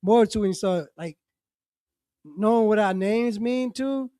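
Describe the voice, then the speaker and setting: Man, high mellow voice, halting co-teacher, dry. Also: no echo. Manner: quick, halting, repeats words. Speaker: class teacher. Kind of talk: casual chat.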